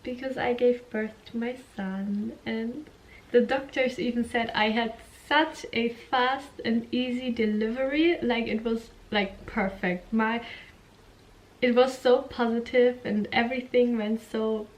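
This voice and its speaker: A young woman speaks slowly and candidly to camera in a casual vlog. Her voice sits a little high for a woman, and she breaks into frequent giggles while acting out the lines of people in her story. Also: fairly even intonation. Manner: candid, giggly, acts out quotes. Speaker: vlogger.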